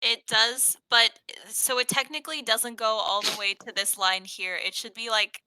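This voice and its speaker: A woman's voice: on the high side, fairly even intonation, moderate pace, bright, forceful tone, clear, resonant tone, rough recording. A woman playing a tabletop game, talking through her turn with hesitant restarts while she measures on the map. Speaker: player. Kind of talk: casual tabletop game chat.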